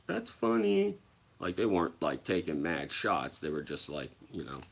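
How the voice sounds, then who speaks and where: A young man telling stories casually to his viewers, swearing freely and acting out other people's voices. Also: deep voice. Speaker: livestreamer.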